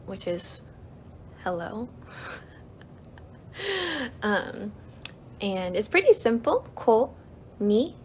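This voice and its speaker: A young woman hosts a casual livestream, teaching a few easy phrases while reading viewer comments aloud. Her medium-pitched voice is chatty and giggly, full of fillers, with slight background noise.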